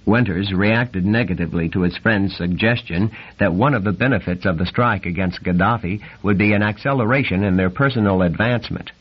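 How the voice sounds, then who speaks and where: A man narrates a novel in a steady, even storytelling manner, his voice low and husky. The recording sounds dull and muffled, as on a lo-fi audiobook. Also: fairly quick, hardly any pauses.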